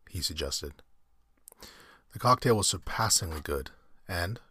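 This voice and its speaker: A man reads a short story aloud in a measured voice. His voice is very low and husky, and the sound is dry and close. He corrects the odd stumbled word. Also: expressive, pushed and bright, dry recording. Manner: measured reading with occasional slips and self-corrections. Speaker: reader.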